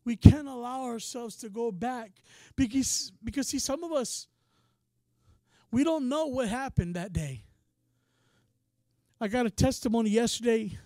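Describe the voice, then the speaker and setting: A male preacher with a strikingly high voice delivers a passionate, casual sermon, dropping to near-whispers and rising to shouts. The sound is close and dry, with almost no room echo. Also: measured pace, pauses often. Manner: passionate, swings from quiet to shouting; casual, says "man" often.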